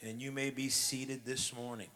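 A man's voice: mid-range voice, level tone, normal speed, pushed and bright. A male pastor preaching a sermon to his congregation, with a dramatic storytelling delivery. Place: church sanctuary. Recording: echoey church hall.

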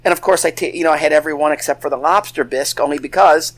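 Rambling man with a higher voice. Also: racing, fairly bright tone. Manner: rambling, with frequent restarts and "you know". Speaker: co-host. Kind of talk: casual chat.

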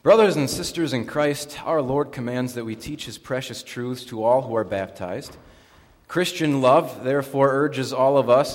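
A male pastor with a mid-pitched voice reads liturgy and scripture with solemn, measured care. His words ring out with the long reverb of a church sanctuary, giving every phrase a lingering tail.

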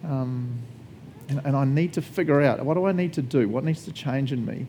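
A man's voice: on the high side, moderate pace, mellow, a little hiss or hum. A male pastor preaching a sermon conversationally, laughing often and asking the congregation questions.

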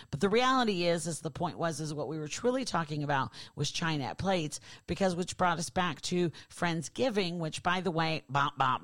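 A woman with a low voice hosts a podcast, rambling through a story with sarcasm and swearing. Her voice sits close to the mic, dry with no room sound. She talks loosely, full of asides and restarts. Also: moderate pace, hardly any pauses, no room sound. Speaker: podcast host. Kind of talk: casual podcast monologue.

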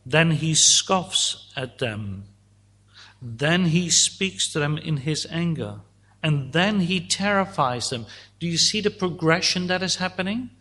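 A man preaching a sermon, teaching slowly and deliberately through a psalm and voicing God's words at times. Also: fairly high pitch, expressive, sharp tone.

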